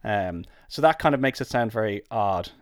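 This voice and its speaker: A man's voice: lowish voice, expressive, normal speed, no room sound, clean studio sound. A man giving casual interview answers, chatty and rambling, often restarting his sentences.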